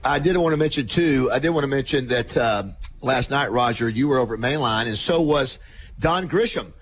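A man's voice: medium pitch, fairly quick, slight background noise. A man hosting a casual radio chat, steering talk with lots of questions. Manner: chatty, asks lots of questions. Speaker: radio show host.

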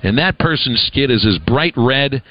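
A man giving live baseball play-by-play as announcer, brisk and conversational with dry humor. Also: medium pitch, animated, no room sound, lo-fi sound.

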